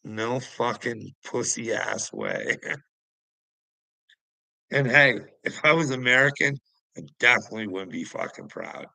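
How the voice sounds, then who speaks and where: Canadian guy streaming, slow mocking talk, keeps laughing at his chat, dry close sound. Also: mid-range voice, very animated, gravelly, bright, forceful tone, dry recording, low-quality recording. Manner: taunting, laughs often between phrases; addresses chatters by name, mocking. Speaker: livestreamer. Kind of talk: casual livestream chat with viewers.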